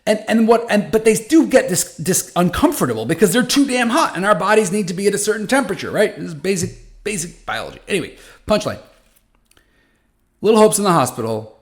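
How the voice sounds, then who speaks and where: A man's voice: high voice, big pitch swings, fairly quick. A man hosting a foundation podcast, talking casually and animatedly from his office, often restarting phrases. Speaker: podcast host for a patient foundation. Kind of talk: casual monologue. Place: hot office.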